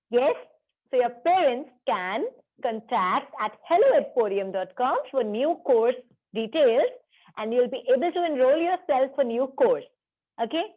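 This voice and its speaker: A woman with an Indian English accent teaching children on a video call, counting out sums slowly and sing-song. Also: fairly high pitch. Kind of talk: online class for children. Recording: narrow phone-like video call audio.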